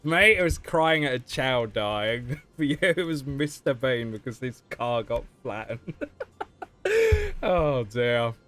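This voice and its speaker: A man's voice: mid-range voice, takes it slowly, a bit bright, soft background music. A young man chatting casually on a game livestream, chatty and giggly. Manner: chatty and giggly, often laughing mid-sentence. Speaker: streamer.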